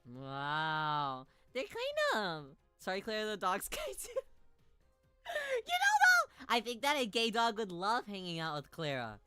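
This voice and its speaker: Her pitch swoops wildly as she speaks, unhurried and with few pauses, in a bright, forceful voice recorded clean with no echo and faint music behind. This woman streamer reads a visual novel's lines aloud, joking in a playful, giggly manner and jumping into sudden high squeals during casual let's-play commentary.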